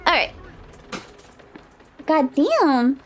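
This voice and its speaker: A young woman streaming a game live, excitable and panicky, swearing and apologizing in rapid repeats. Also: sits high, very noisy.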